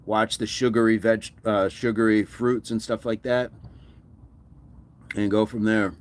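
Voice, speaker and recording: A man's voice: on the low side, little pitch movement, unhurried. A man hosting a fitness livestream, chatting casually and answering viewer comments with encouragement.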